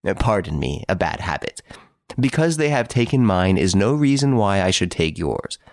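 A man doing a smug, teasing gentleman thief. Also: low voice, sing-song, moderate pace, dry recording, clean studio sound. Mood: playful, sly. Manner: urbane, teasing, playfully boastful. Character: suave, mocking gentleman thief in prison, male.

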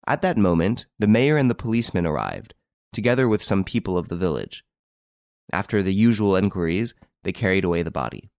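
A man narrating an audiobook in a scripted, expressive storytelling manner. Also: low-pitched, brisk, creaky, dry recording, studio quality.

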